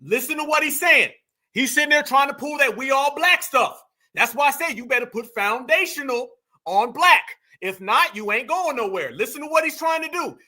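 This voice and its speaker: A man's voice: very high-pitched, bright, forceful tone. A man hosting heated reaction commentary, mocking and emphatic, talking straight to his viewers. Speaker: commentary host.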